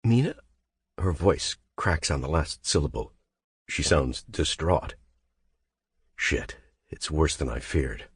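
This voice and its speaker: A man's voice: a bass voice, slow, long pauses, husky, no room sound. A man narrating a romance audiobook in the first person, with an intense, clipped, brooding delivery.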